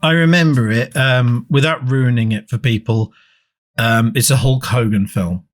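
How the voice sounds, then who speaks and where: A man's voice: medium pitch, moderate pace. A man from England co-hosting a podcast, telling rambling stories and swearing freely in casual chat. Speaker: podcast co-host.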